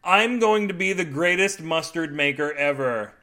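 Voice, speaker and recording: A man voicing a giddy, manic middle-aged husband obsessed with mustard, often shouting in an audio fiction reading. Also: medium pitch, lively intonation, normal speed, close to an everyday voice.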